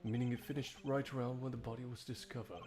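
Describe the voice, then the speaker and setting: Composed formal prosecutor, measured and dry, low-key, as a man voices him. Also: little pitch movement, music in the background, lightly acted. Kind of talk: game voice-over dub.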